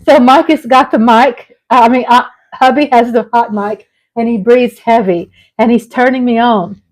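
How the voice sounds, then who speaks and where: A middle-aged woman hosting her vlog at home, chatting casually with viewers; animated and gushing, laughing often and swinging from loud excitement to soft tenderness. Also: on the high side, normal speed, rough recording. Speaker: vlog host. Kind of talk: casual live chat with viewers. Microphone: on a mic at home.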